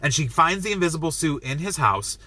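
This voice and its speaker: Male movie reviewer, chatty plot recap, bright tone, breaks into excited outbursts. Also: on the high side, fairly quick. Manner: excitable, acts out quotes, many likes and restarts. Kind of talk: casual spoilery plot recap.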